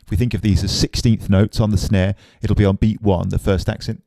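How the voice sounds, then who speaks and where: A man giving a relaxed, chatty drum lesson, often tossing in "man". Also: on the low side, brisk, no echo. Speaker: drum teacher. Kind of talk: casual spoken drum lesson.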